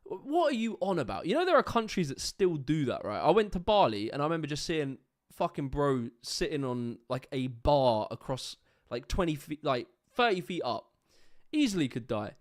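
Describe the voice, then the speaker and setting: A man's voice: fairly high pitch, very animated, normal speed. A young man hosting a livestream, ranting casually and sarcastically about clips, swearing freely. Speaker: livestream host reacting to clips.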